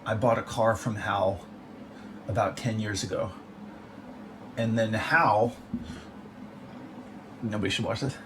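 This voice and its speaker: Rambling, profane man with a low voice. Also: steady tone, slow pace, pauses often. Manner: profane, rambling, filler-heavy with frequent 'like'. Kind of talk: rambling casual monologue. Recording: noticeable background noise.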